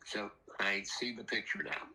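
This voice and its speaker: An older man telling a rambling personal story in a casual, animated way, acting out the voices of the people in it. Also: fairly low pitch, normal speed, poor audio. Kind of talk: casual spoken anecdote.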